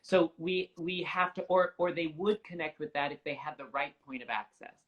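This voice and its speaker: A man's voice: fairly high pitch, normal speed, a bit bright, dull audio. A young man speaking as an opera singer guest in an interview, articulate, earnest and reflective. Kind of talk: conversational interview.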